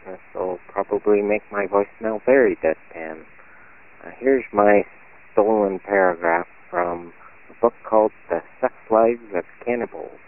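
A man leaving a voicemail in a tired, low-key way before reading a passage from a book. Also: animated, unhurried, vocal fry. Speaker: caller. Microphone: phone voicemail. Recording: tinny phone line.

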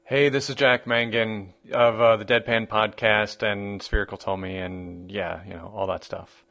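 A man, a podcaster, reading mock dictionary definitions in a deadpan, mock-formal way. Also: lowish voice, normal speed, vocal fry, few pauses. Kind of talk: comic promo reading.

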